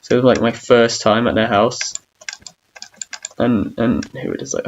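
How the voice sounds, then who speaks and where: A man's voice: medium pitch, fairly even intonation, moderate pace, creaky, long pauses, dull audio, slight background noise. A young man chatting casually while gaming, rambling and self-mocking about his own awkwardness, humming and singing between lines. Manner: hums and sings between talk. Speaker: gamer streamer.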